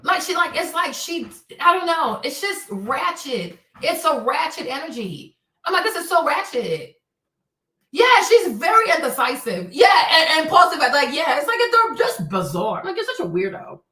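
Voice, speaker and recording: A woman's voice: high-pitched, big pitch swings, normal speed, bright, forceful tone, distant mic. A woman hosting a livestream, ranting casually with heavy profanity and exasperation. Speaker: streamer host. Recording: echoey room, voice a bit off-mic.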